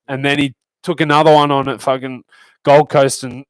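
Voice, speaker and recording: A man's voice: a little high, steady tone, normal speed, no room sound. A young adult man with an Australian accent, a fighter guest chatting casually on a podcast, swearing a lot and bragging in jest. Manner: crude, swearing, boastful joking.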